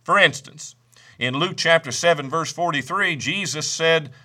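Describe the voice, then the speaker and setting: A man preaching a sermon, emphatic, slowing down to stress each scripture quote he reads. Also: on the high side, sharp tone. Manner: reads scripture in old-fashioned wording.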